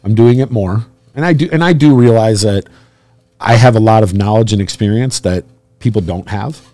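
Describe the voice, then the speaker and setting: A man with a lowish voice hosts a podcast, recorded dry and close. His chat is casual, and he is encouraging and reassuring toward his guest. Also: moderate pace, warm tone, no room sound. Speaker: podcast host.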